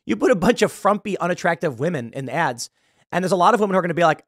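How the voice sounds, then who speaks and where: Animated sarcastic man ranting, dry sound. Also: high voice, racing, dry recording. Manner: sarcastic, animated, mocks with put-on quotes. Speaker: host. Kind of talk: opinionated commentary monologue. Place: studio.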